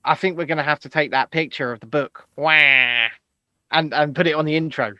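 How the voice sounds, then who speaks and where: A man's voice: on the high side, moderate pace, sharp tone, clean tone, no echo, lo-fi sound. A man co-hosting a casual podcast, emphatic and opinionated, often restarting his sentences. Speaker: co-host.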